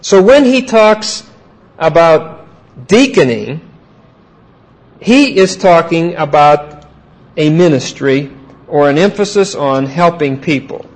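A man teaching a Bible class, asking his students questions and repeating key points slowly. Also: on the high side, animated, poor audio.

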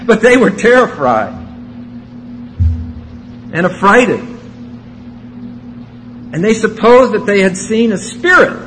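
Man preaching a sermon, emphatic, fairly high-pitched, faint hiss behind. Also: big pitch swings, slow, pauses often, poor audio. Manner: emphatic, rising to loud exclamations. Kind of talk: expository sermon.

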